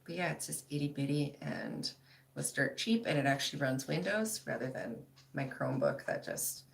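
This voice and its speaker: A woman's voice: low voice, lively intonation, normal speed, vocal fry. A woman hosting a casual livestream, chatting loosely with lots of "like" and laughing often as she reads viewer comments. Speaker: livestream host.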